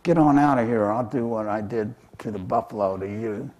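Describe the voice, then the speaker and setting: A man voicing a tiny boastful male warrior mouse in a squeaky, bossy voice. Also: moderate pace, darkish tone, close to an everyday voice. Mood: squeaky demanding.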